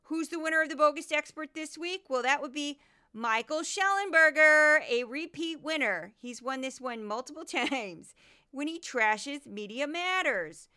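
A woman playing a goofy bogus expert, put-on Midwestern accent, high and loud, bright. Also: lively intonation, measured pace, full character voice. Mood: mocking. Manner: goofy, exaggerated drawl.

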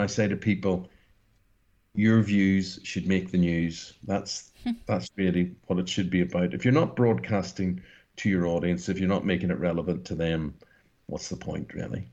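A man's voice: low voice, fairly even intonation, normal speed, darkish tone. A man in his sixties with a Northern Irish accent, speaking as an interview guest in emphatic, passionate runs. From Northern Ireland. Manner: emphatic, passionate, talks in long rallying runs. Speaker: guest broadcaster. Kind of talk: interview conversation. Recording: dull lo-fi sound.

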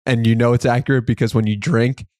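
A man's voice: mid-range voice, fairly even intonation, quick pace, darkish tone, no room sound, studio quality. A man hosting a podcast, talking in an easygoing, casual way and laughing often. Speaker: podcast host.

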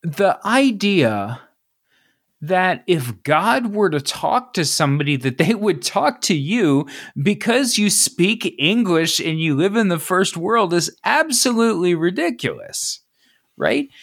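A man's voice: sits high, big pitch swings, takes it slowly, a bit bright. A man co-hosting a podcast, making emphatic rhetorical points in casual chat. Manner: emphatic, rhetorical, lots of "right?". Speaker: podcast co-host.

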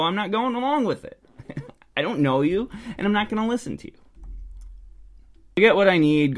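A man telling a casual storytelling monologue at a middle pitch. His delivery is sarcastic and derisive, with frequent laughs.

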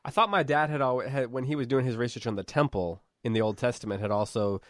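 A man's voice: medium pitch, quick pace, dry recording, clean studio sound. A man teaching literature, leading a class discussion over a video call and thinking aloud with fillers.

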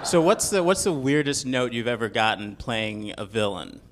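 A man's voice: mid-range voice, animated. Playful male podcast host. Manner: playful, laughs along, quick interjections. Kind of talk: casual interview chat.

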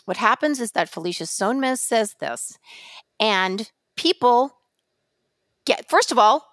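A woman co-hosting a casual podcast, telling stories in an animated, theatrical way, with swearing and acted-out asides. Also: fairly high pitch, unhurried, no echo, clean studio sound. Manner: animated, theatrical storytelling with profanity. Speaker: podcast co-host.

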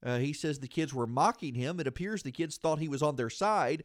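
A man's voice: fairly high pitch, a little fast, no room sound. Indignant male political commentator, dry sound. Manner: indignant, argumentative, repeats phrases for emphasis. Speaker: podcast host.

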